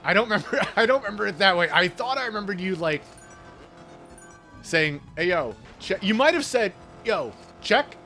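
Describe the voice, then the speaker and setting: A man's voice: sits high, lively intonation, a little fast, pauses often, bright, forceful tone, soft background music. A man chatting casually while speedrunning a game, laid-back, laughing often and swearing freely. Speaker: speedrunning streamer. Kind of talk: casual chat while gaming.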